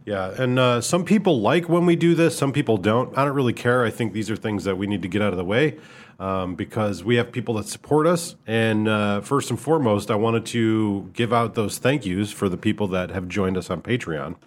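A man co-hosting a podcast with a Midwestern American accent, talking in a relaxed, rambling, self-deprecating way. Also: on the low side, brisk. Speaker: podcast co-host. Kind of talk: casual chat.

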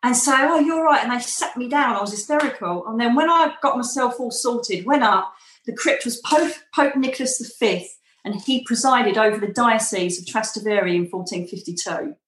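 A woman's voice: on the high side, moderate pace, fairly bright tone, echoey room, a little hiss or hum, poor audio. A woman being interviewed, telling a personal story in a chatty way and acting out the dialogue. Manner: chatty, acts out quoted dialogue. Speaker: interview guest.

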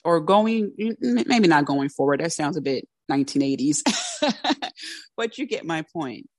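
A woman's voice: low voice, animated, unhurried, no room sound, clean studio sound. A woman hosting a motivational podcast who coaches listeners in a direct, candid, conversational way. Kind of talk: motivational solo talk.

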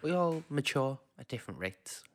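A man's voice: mid-range voice, very animated, normal speed. A man co-hosting a podcast in casual chat, dry and joking, laughing often. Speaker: podcast co-host.

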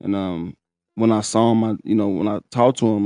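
A man telling his own story in casual, profane, animated talk, laughing and breaking into high shouts. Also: moderate pace, no room sound, studio quality.

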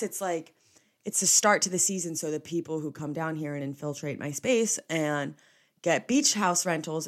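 A young podcast host from New Jersey runs a casual solo show in a slightly low, fairly bright voice. She's chatty and emphatic and slips easily into playful rants.

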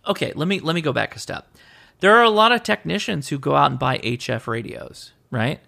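A man's voice: fairly high pitch, big pitch swings, brisk, gravelly, bright, forceful tone. A man co-hosting a podcast in casual chat, rambling and correcting himself as he goes. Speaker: podcast co-host.

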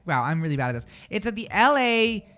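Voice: mid-range voice, big pitch swings, quick pace, a bit bright. A radio co-host, chatting casually on air in a giggly, rambling, jokey way. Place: radio studio.

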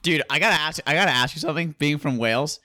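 A man's voice: fairly high pitch, quick pace, bright, forceful tone, no echo, studio quality. An American man hosting a podcast, laid-back and casual, saying "like" a lot as he asks questions. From United States. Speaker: podcast host. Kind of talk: casual interview chat.

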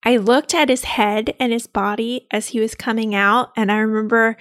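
A young woman who works as a labor and delivery nurse tells the story of her own birth in a heartfelt, excitable way. Her voice sits a little high. The sound is dry and close. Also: normal speed, no room sound. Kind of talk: personal birth story told to an audience.

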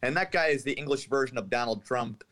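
A man's voice: medium pitch, fast talker, fairly bright tone. A man chatting casually as a podcast co-host, cracking jokes and rambling between points. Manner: joking, rambling. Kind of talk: casual chat.

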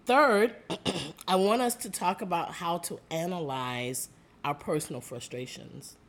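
A woman hosting a podcast as a life coach, upbeat and chatty, her voice a little rough and hoarse from allergies. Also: fairly low pitch, a little slow, fairly bright tone. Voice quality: slightly rough voice. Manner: upbeat, chatty, calls listeners "y'all" and "guys". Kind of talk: casual podcast chat. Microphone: studio mic.

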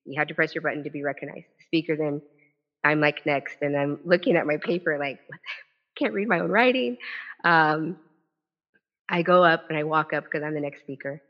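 A woman tells a personal story from the podium at a public event, acting out quoted dialogue as she goes. Her talk is lively and full of quick restarts. The recording sounds dull and lo-fi. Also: sits low. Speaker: author and former legislator giving a talk. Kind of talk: personal storytelling speech to a live audience.

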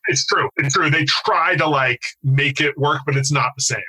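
A man's voice: a little high, moderate pace, bright, forceful tone, breathy edge, poor audio. A man in his forties from the United States, telling a long self-deprecating story in casual podcast chat. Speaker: podcast co-host.

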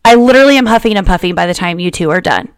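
A woman's voice: lowish voice, lively intonation, clear, resonant tone, no room sound, studio quality. A woman in her thirties hosting a podcast, chatting casually and teasing her guest. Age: 30s. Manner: teasing, playful, quick to laugh. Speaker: podcast host. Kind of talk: casual chat.

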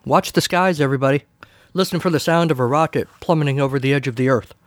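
A man's voice: medium pitch, fast, no room sound. Man, podcast host, casual solo commentary, wry sarcastic asides, dry close sound.

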